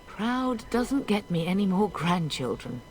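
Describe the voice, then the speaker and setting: A woman's voice: mid-range voice, sing-song, unhurried, slight background noise. An actress playing a proud, caring noble mother in a video game, speaking formally and firmly. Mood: wry. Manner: dignified, formal speech. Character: proud noble mother, middle-aged, caring but firm.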